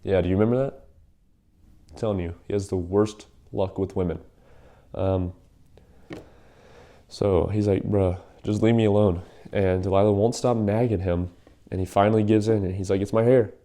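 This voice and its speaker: A man's voice: sits low, steady tone, moderate pace, long pauses, warm tone. A young man casually retelling a Bible story in a rambling, slangy way, with lots of fillers.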